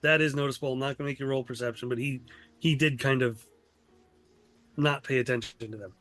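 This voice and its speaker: A man narrating as game master of a tabletop game, measured, voicing characters in turn. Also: medium pitch, fairly even intonation, a bit bright.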